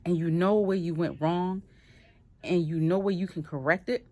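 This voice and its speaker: A woman's voice: on the low side, normal speed, no room sound. A woman in her forties with a Boston accent, talking openly to camera in a casual vlog and swearing freely. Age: 40s. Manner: blunt, swears freely, lively. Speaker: vlogger.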